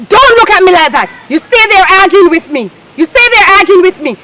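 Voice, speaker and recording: A woman's voice: very high voice, big pitch swings, fairly quick, heavy background noise. A woman playing a scornful bossy Jamaican wife. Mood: contemptuous. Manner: scolding, cutting, bursts into shouts. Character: domineering, scornful wife and employer. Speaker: actor in a Jamaican stage-style movie.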